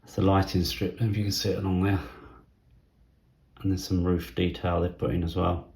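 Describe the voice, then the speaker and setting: A middle-aged man from England talks through a hobby unboxing at his workbench, musing aloud with halting fillers. His voice sits very low, with a gravelly fry and a dark, mellow tone, often dropping to a soft half-whisper. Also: level tone. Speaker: model railway vlogger. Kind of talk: casual hobby unboxing commentary.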